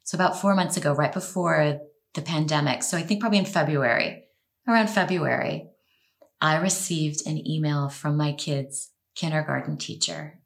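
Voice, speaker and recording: A woman guest tells a personal story in conversation. Her voice sits somewhat low, and she is lively and expressive as she tells it. She breaks into quick laughs along the way. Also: gravelly.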